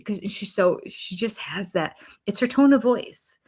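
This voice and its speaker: Older woman, reaction host, mid-pitched voice, chatty and opinionated with rambling asides. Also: expressive, a little slow, a little mellow, husky. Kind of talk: casual reaction commentary.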